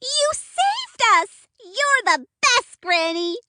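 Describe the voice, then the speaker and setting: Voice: high-pitched, wildly swooping pitch, slow, bright, forceful tone, a little hiss or hum, full character voice. A performer voicing a cheerful little girl in a red hood in a puppet show, sweet and sing-song. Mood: thrilled.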